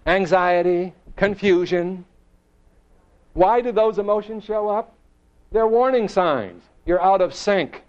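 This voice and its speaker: A man giving a motivational seminar to a live audience, emphatic and full of rhetorical questions, slowing and quickening for effect. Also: high-pitched, a little mellow. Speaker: motivational speaker. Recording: dull lo-fi recording.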